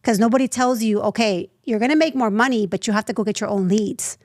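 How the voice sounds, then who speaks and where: A woman in her thirties, a nonprofit founder telling her story as an interview guest, lively and acting out the voices she quotes. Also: a little high, fast talker, no echo, studio quality. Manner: animated, acts out quoted voices.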